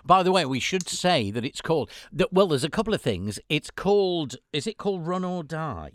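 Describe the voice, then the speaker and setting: A man's voice: a little high, sing-song, normal speed, no room sound, studio quality. A man co-presenting a radio show who chats, jokes and laughs easily. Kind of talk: casual chat on a radio show.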